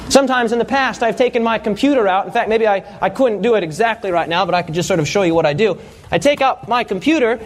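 A man's voice: very high-pitched, slight background noise. A man preaching a sermon, telling a personal story and asking the congregation questions.

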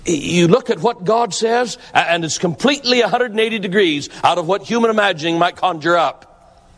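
Heard through long hall reverb, a man delivers an earnest, emphatic sermon and repeats words to drive his points home. He has a high voice and talks a little fast.

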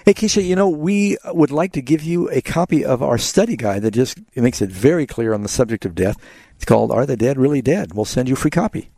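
A man's voice: mid-range voice, expressive, brisk, creaky, warm tone, breathy edge, no room sound. A man hosting a call-in radio Bible show, earnestly explaining scripture to callers in a studio.

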